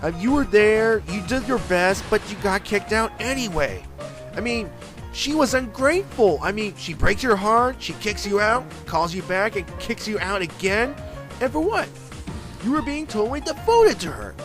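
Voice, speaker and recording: A man's voice: sits high, big pitch swings, normal speed, voice pushed up. A man voicing a cocky young male hedgehog gang leader, pushy and chummy. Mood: riling up. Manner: pushy, chummy, talks over others. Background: music.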